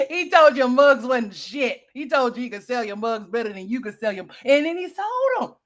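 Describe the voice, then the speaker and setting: Brief: high-pitched woman host, sassy gossip commentary, teasing, laughs often. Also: animated, moderate pace. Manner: sassy, teasing, laughs a lot, calls people girl and honey. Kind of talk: gossip commentary over played clips.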